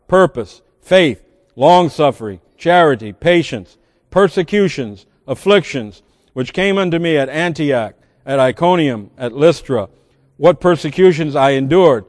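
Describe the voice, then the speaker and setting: A man preaches from the pulpit, his slightly high voice swelling on key words and dropping low on others. He reads scripture aloud in a measured sermon style. The sound rings with the long reverb of a large church sanctuary. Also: darkish tone. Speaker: pastor.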